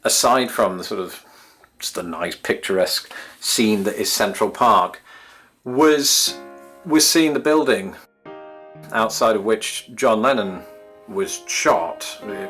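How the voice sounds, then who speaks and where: A man's voice: on the low side, takes it slowly, a bit bright, faint music behind. A man in his thirties with an English accent, reminiscing in a wry, chatty monologue to his channel's viewers. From England. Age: 30s. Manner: wry, self-deprecating, chatty. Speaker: YouTube host.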